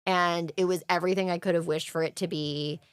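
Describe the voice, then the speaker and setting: Young woman, podcast co-host, gushing storyteller, lowish voice, dry close sound. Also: fairly even intonation, fairly quick, clean tone, no room sound. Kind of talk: casual chat.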